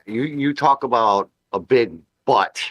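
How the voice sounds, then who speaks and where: A man's voice: mid-range voice, a little slow, a bit bright, poor audio. A man co-hosting a casual podcast, making jokes and laughing alongside his partner. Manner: joking, laughing, short reactions. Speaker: podcast co-host. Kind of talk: casual recap chat.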